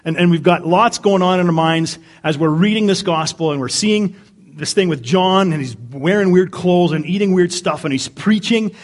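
A man preaching a sermon as pastor, animated, swinging from near-yelling down to quiet asides. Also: high voice, moderate pace. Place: church sanctuary.

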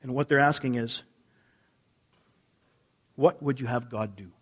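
A man preaching a sermon as a pastor, husky in tone, rising to loud emphatic lines and dropping to hushed, low ones. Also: measured pace.

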